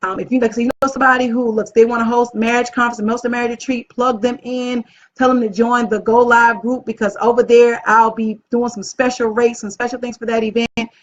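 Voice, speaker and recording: A woman hosting a casual live video as an event planner, upbeat and chatty, often gushing about how excited she is. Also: a little high, brisk, a little hiss or hum. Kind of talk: casual live-stream talk. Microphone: phone or webcam live stream. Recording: dull lo-fi live-stream audio.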